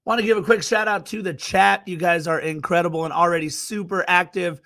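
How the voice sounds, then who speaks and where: A man with a high voice co-hosts a soccer fan podcast. He talks in a casual, excitable way and shouts out listeners in the chat. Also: a little fast, creaky. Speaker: podcast co-host.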